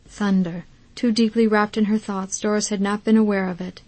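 Woman narrator, audiobook, measured, calm, dry studio sound. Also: mid-range voice, dry recording. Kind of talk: scripted narration.

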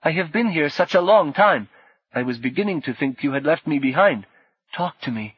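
A man's voice: a little high, normal speed, husky, dry recording, pitched above the performer's own voice. A man putting on a lost, weary figure from an audiobook, with a raised, thin voice. He speaks listlessly, as if from the edge of sleep. The recording is dull and lo-fi. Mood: pleading. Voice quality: drowsy, listless, distant. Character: weary, lost man trapped in a virtual world.

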